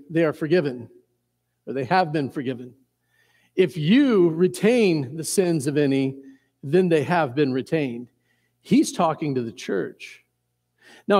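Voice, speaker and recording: A man's voice: sits high, a little mellow, big-room sound. A man from Indiana preaching a sermon to his congregation, earnest and emphatic, often repeating and restarting his words. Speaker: pastor. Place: church sanctuary.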